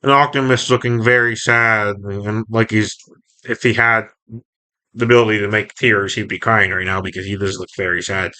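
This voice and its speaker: A man's voice: fairly low pitch, steady tone, normal speed, bright, forceful tone. A man casually reading and reviewing a comic book, recapping the story in a rambling, self-correcting way.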